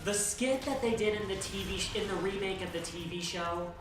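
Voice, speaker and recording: A game streamer chats casually and rambles, often restarting sentences and laughing. The voice sits at a middle pitch and sounds far from the mic. A very echoey room carries clear background noise. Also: fairly quick. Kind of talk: casual chat while gaming.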